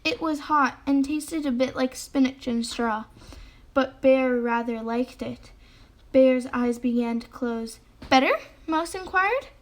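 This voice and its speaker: Slow, high-voiced woman reading a storybook. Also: level tone, darkish tone. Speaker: storybook reader. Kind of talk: reading a children's picture book aloud.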